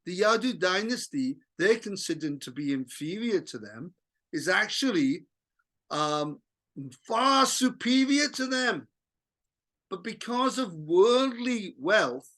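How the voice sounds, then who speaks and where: A man with a notably high voice leads a scripture reading group. He explains earnestly, often restarting phrases and padding them with fillers. He sounds like he is on a video call. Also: a bit bright. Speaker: scripture class leader.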